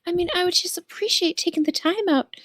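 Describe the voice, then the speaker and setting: A woman voicing a polite young adventurer, speaking high and eager. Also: fairly quick, dry recording. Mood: sweet. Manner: high bright eager speech.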